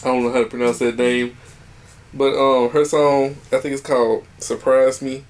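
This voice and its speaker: A man's voice: medium pitch, level tone, normal speed, slight background noise. A young man co-hosting a podcast, chatting casually and playfully, retelling songs with quoted asides. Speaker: podcast co-host. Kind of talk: casual chat.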